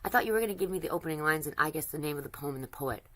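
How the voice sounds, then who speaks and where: On a livestream, a woman flirts casually with a chatbot while she draws, rambling and restarting her sentences. Her voice is low and animated, and she talks in rapid-fire bursts.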